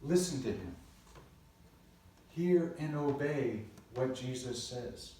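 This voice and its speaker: A man's voice: medium pitch, animated, slow pace, pauses often, dark tone, a little hiss or hum. A man, a pastor, preaching a sermon in a church, earnest and storytelling with playful asides. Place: church sanctuary. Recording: very echoey church from a distant mic.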